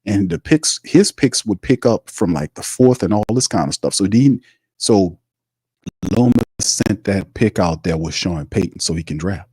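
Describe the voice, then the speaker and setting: A man hosts a sports livestream in a low, dark voice with a touch of huskiness. He talks emphatically, circles back to his points, and reads chat messages aloud. The sound is dry and close. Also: very animated, moderate pace, creaky, slightly rough, no room sound, poor audio. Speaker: sports show host.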